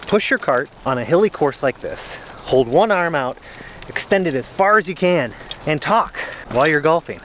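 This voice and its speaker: A man's voice: mid-range voice, lively intonation, normal speed, a bit bright, slight background noise. A man vlogging as he plays a round of golf outdoors in the cold, slightly out of breath and self-deprecating. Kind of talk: casual talk to camera while golfing.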